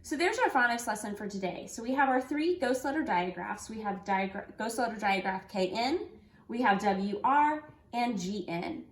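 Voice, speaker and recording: A woman teaching young children a phonics lesson, speaking slowly and clearly, spelling out letters and encouraging them. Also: fairly high pitch, animated. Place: home room with an easel. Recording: echoey room.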